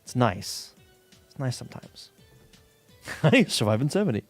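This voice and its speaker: A man talks casually to his stream while coding, rambling through fillers and the odd swear. His pitch jumps around in a lively way. The room sounds dry, with faint music underneath. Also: a little slow, no echo. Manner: rambling, many fillers, swears casually, reads chat aloud.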